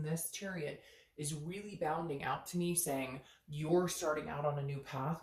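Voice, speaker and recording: Chatty woman reading tarot, echoey room. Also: sits low. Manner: chatty, earnest, thinks aloud with many fillers. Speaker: tarot reader. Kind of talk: casual tarot reading to camera.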